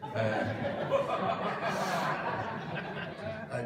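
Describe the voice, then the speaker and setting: A man's voice: medium pitch, expressive, moderate pace. Dry middle-aged male stand-up comedian. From Wales. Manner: dry, self-mocking, punchy delivery to a crowd. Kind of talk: live stand-up set. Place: comedy club stage. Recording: echoey room, distant mic, noisy. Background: crowd laughter and room ambience.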